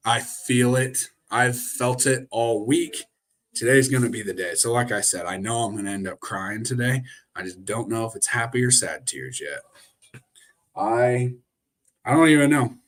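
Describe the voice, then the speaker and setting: The voice is medium-pitched and a bit bright, with a measured pace. It belongs to a young man hosting a sports live stream who talks straight into his webcam in casual, rambling rants packed with fillers and restarts.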